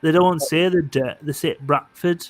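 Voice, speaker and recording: A man's voice: on the high side, steady tone, moderate pace, crowd noise. A man hosting a casual live stream chat, talking in a rambling way with many restarts. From northern England.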